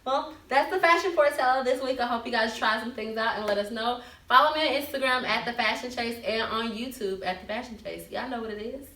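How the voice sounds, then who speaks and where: A woman's voice: a little high, brisk, few pauses, bright, forceful tone. A woman co-hosting a talk show, chatting through a fashion segment in an upbeat, advice-giving way. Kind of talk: casual fashion-segment chat. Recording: roomy, mic at a distance.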